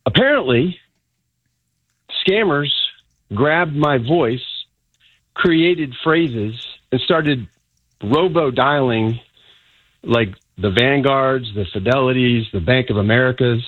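A man's voice: medium pitch, slow pace, pauses often, no echo. A man calling a radio show over the phone, telling his story emphatically as a warning. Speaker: caller. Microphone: phone line. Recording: tinny phone line.

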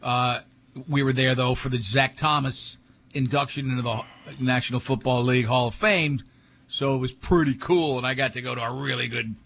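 Radio host, male, husky voice, rambling anecdotes in loose studio banter. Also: mid-range voice, steady tone, normal speed, a bit bright. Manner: rambling storyteller, many restarts.

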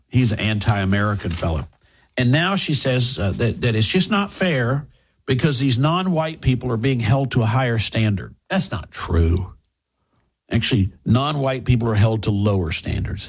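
Middle-aged guy ranting on talk radio, pitch jumping all over, kinda husky, hammering rhetorical questions. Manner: combative, fires off rhetorical questions. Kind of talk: opinionated radio monologue.

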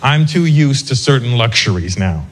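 A man from North America doing stand-up comedy, telling a story in an animated, self-mocking way. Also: mid-range voice, normal speed.

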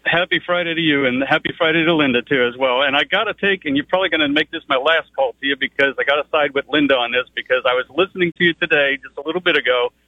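A man's voice: fairly high pitch, fast, hardly any pauses, no room sound. A man from Pennsylvania calling in to a radio show, talking with hesitant fillers. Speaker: caller. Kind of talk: call-in radio talk. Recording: tinny phone line.

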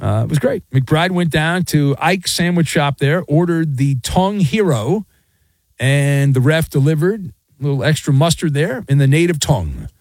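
Sarcastic middle-aged sports radio host. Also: male voice, a little high, moderate pace, no echo. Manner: sarcastic, mocking, animated rants. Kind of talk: sports talk radio monologue. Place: radio studio.

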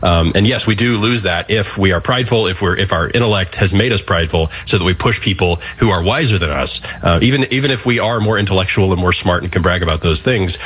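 A man in a talk show discussion, speaking in a halting, reflective way with frequent restarts. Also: sits low, fairly bright tone, husky. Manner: halting, restarts often, measured.

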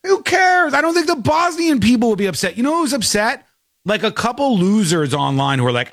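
Male host, lively scornful rant, dry close sound. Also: high-pitched, fairly quick, dry recording. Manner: animated, scornful ranting. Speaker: show host. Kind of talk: opinionated commentary.

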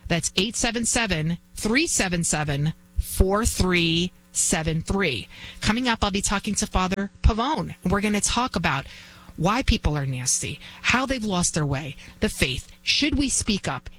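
A woman in her forties hosting a talk radio show, telling a story in an indignant, animated way. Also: mid-range voice, normal speed, poor audio. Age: 40s.

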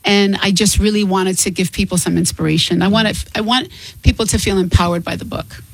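A woman's voice: mid-range voice, a little fast, vocal fry, slightly rough, no echo, rough recording. A middle-aged woman, a singer and author, speaking earnestly and openly as a guest in an interview. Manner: earnest and open, laughs between points. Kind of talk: candid interview talk.

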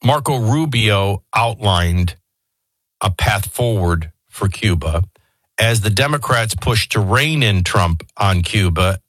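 A man's voice: fairly low pitch, lively intonation, slow, a bit bright, dry recording. A man hosting a radio morning show, talking in a jokey, sarcastic way. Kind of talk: casual radio talk.

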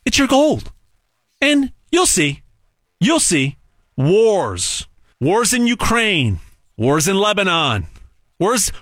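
A man delivering an emphatic, repetitive sales pitch monologue as host. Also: a bit bright, dry recording, clean studio sound.

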